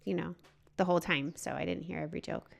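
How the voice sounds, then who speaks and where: A woman co-hosting a comedy podcast, chatting casually with blunt, crude, deadpan remarks. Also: lowish voice, fast talker, creaky. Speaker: podcast co-host, comic.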